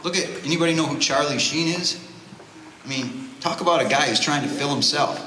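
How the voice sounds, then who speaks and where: Forceful man telling a story in a hall. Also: a little high, brisk. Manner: animated, conversational storytelling. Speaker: retreat speaker, homeless ministry worker. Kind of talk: storytelling religious talk. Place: parish hall. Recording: roomy hall with faint noise.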